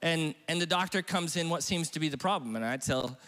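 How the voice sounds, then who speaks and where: A middle-aged man preaching in a church sanctuary, his voice pitched a little high for a man. The long reverb of the large hall trails after his words. He talks casually and mocks himself as he tells a story. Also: a little fast, a bit bright. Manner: conversational, self-mocking, chatty with the congregation. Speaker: pastor. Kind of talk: humorous storytelling sermon.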